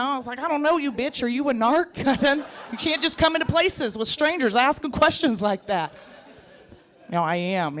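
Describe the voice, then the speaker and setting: A woman in her thirties performing a stand-up comedy set, animated and jokey, jumping into put-on voices. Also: a little high. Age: 30s. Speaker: stand-up comic.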